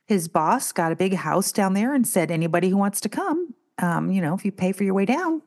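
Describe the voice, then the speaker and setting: A woman's voice: medium pitch, fairly quick. A middle-aged woman, chatting casually as a podcast co-host and telling family stories. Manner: chatty storyteller, animated when telling stories. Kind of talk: casual chat.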